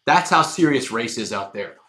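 Speaking at normal speed and medium pitch, this Texan man is a guest recounting a dramatic story of his own in an echoey room. He talks animatedly, turning to the host often and saying "man" frequently.

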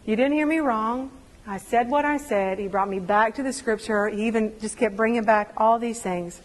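A woman's voice: on the high side, moderate pace, big-room sound, poor audio. A woman giving a personal testimony to a women's class, telling stories and acting out what people said. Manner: animated storytelling, acts out quotes. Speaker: women's ministry speaker.

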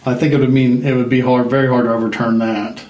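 A man with an average-pitched voice co-hosts a casual political talk show. He talks conversationally and pauses to search for words. His voice carries a noticeable room echo. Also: level tone, darkish tone, a little hiss or hum. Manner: conversational, with hesitations. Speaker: podcast co-host.

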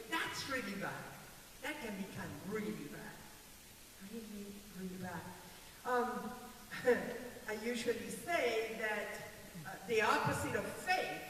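An older woman with a non-native English accent preaches in an emphatic, bright voice, repeating key phrases. She is heard from a distance in an echoey church hall with a long reverb and a faint hiss behind her. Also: on the high side. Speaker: pastor. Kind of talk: sermon. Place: church sanctuary.

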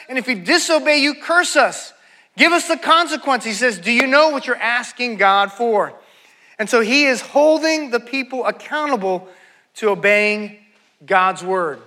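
A man's voice: extremely high pitch, bright, forceful tone. A man preaching a sermon as pastor, reading scripture aloud and breaking in with conversational asides.

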